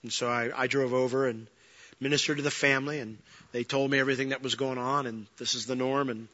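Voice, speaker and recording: A male pastor preaching a sermon, telling a personal story with animated, emphatic delivery and wry humor. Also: medium pitch, fast. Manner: animated preaching, building to loud passionate peaks. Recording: dull lo-fi sound.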